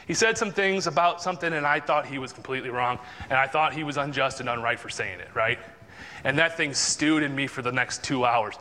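A man tells a personal faith story in a casual, unpolished way, full of restarts and acted-out inner quotes. His voice sits slightly high and sounds bright. A long reverb hangs behind it, as if he were in a hall. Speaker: Christian speaker sharing a testimony. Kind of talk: casual spoken devotional talk.

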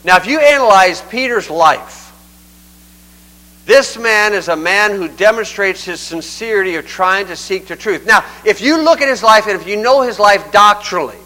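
A man's voice: high-pitched, sharp tone, low-quality recording. An older man preaching a sermon in a folksy, conversational way, acting out scripture quotes.

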